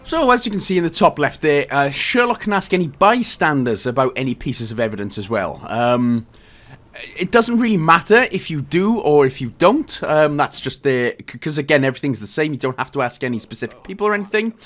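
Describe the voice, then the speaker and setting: A man's voice: fairly high pitch, expressive, fairly quick, fairly bright tone. A man from Wales giving a casual, jokey game walkthrough, chatty and often correcting himself. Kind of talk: casual gameplay commentary.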